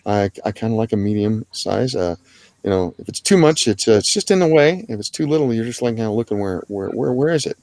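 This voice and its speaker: A man's voice: lowish voice, animated, brisk, a little mellow, dry recording. A man hosting a casual art livestream, rambling and joking about the chat and the artists. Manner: joking, rambling, self-deprecating. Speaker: livestream host.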